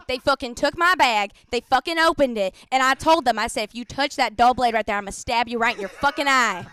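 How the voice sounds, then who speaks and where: A woman's voice: high voice, pushed and bright. A woman voicing a tough, foul-mouthed rural Southern woman with a put-on Ozarks accent, blunt and profane. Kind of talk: improvised comedy impression.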